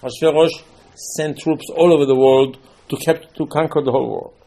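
Husky rabbi preaching with big swings. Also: male voice, fairly high pitch, brisk, rough recording. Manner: animated, swings between loud emphasis and quiet asides. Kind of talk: sermon.

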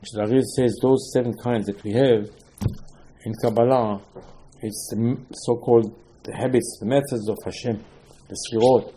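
A man teaching a Torah lecture in halting English, repeating phrases for emphasis. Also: mid-range voice, fairly even intonation, warm tone, a little hiss or hum.

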